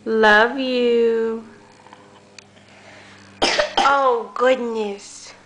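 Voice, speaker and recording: High, very slow sing-song woman. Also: fairly even intonation, fairly bright tone, slight background noise. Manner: sing-song, coaxing, playful. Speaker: caregiver playing with a toddler. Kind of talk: slow baby talk. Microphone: home video camera.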